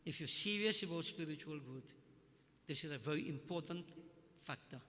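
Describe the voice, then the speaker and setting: A man's voice: fairly high pitch, expressive, normal speed, pushed and bright. Folksy man preaching in a reverberant hall. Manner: folksy storytelling with jokes. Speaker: religious leader. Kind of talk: sermon.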